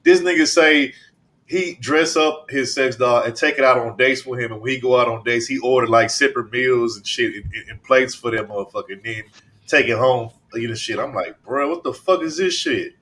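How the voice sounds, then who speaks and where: A man's voice: medium pitch, steady tone, brisk, fairly bright tone. A man in casual podcast chat, talking emphatically with heavy slang, repeated words and cursing.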